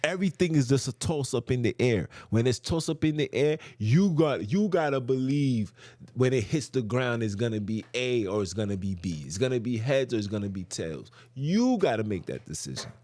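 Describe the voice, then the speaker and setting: A man's voice: medium pitch, expressive, moderate pace, mellow, dry recording. A man hosting a podcast, telling a story in a heated rant. He fires off rhetorical questions and uses street slang. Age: adult. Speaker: podcast host. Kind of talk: ranting monologue.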